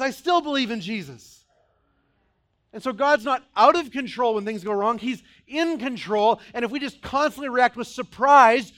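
A middle-aged male pastor preaching a sermon, acting out voices and swinging between loud outbursts and quiet, low passages.

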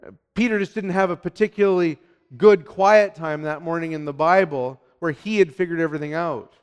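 A man preaching a sermon as pastor, emphatic, swinging from hushed lines to loud, urgent ones. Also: fairly high pitch, brisk, smooth, dull audio.

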